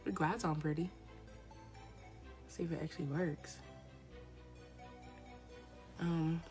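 A woman's voice: deep voice, fairly even intonation, takes it slowly, a little mellow. A young woman chatting casually as she does her makeup at home, slangy and encouraging, with faint music behind her. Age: young adult. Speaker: beauty vlogger. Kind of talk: casual get-ready-with-me chat. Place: home, indoors.

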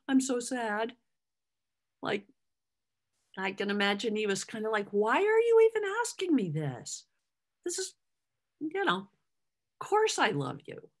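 A woman's voice: mid-range voice, a bit bright. A middle-aged woman giving a conversational Bible teaching, acting out the lines she quotes.

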